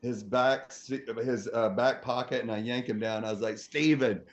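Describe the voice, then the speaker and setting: A man who is a podcast guest, telling a comic story in an animated way and laughing often through it. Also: mid-range voice, moderate pace. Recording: muffled audio with faint noise.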